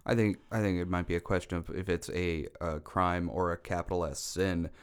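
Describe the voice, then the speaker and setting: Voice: low-pitched, steady tone, fairly quick, smooth. A podcast co-host in casual chat, joking and teasing and putting on mock voices.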